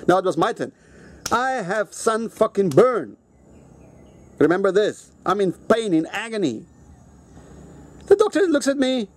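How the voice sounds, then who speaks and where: A vlogger with a fairly high, sing-song voice rants casually about something from his own life, blunt, heated and swearing constantly. He speaks at a measured pace with long pauses, in a loose, conversational style full of restarts.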